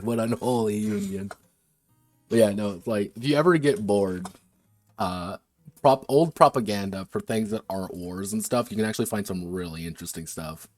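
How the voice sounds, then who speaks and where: On a workshop stream, an American game designer chats loosely about making games, laughing and swearing without restraint as he rambles. His voice sits on the low side and is a little mellow, with no room sound.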